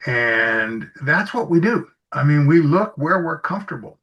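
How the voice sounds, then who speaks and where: A man's voice: a little high, expressive, unhurried. Guy coaching leaders in an interview, tells little stories w/ quoted dialogue, audio a bit dull. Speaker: executive coach guest. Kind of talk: conversational interview storytelling. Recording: slightly muffled audio.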